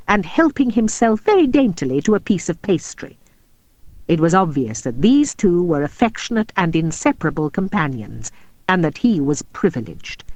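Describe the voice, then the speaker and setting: Lively older woman reading a storybook. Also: lowish voice, dry recording. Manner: expressive, measured. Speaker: audiobook narrator. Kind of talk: storybook narration.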